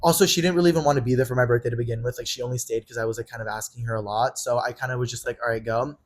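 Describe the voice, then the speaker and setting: A man's voice: medium pitch, fairly even intonation, rapid-fire. A young man in his twenties, co-hosting a podcast, animatedly retelling a story with swearing and acted-out quotes. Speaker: podcast co-host. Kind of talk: casual storytelling chat.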